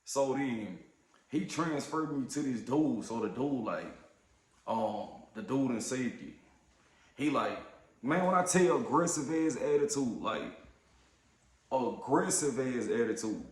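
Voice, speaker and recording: A truck-driving man rants through a story in a plain middle-pitched voice. His talk is casual, profane and emphatic, heating up as he goes. The sound carries a roomy echo. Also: lively intonation, measured pace. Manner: heated, profane and emphatic, rising when riled. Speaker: truck driver and vlogger.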